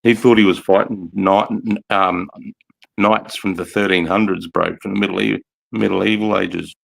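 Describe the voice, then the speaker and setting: A man's voice: low-pitched, steady tone, normal speed, vocal fry, a bit bright, low-quality recording. A man, telling a rambling story in casual livestream chat, swearing often and saying mate and bro.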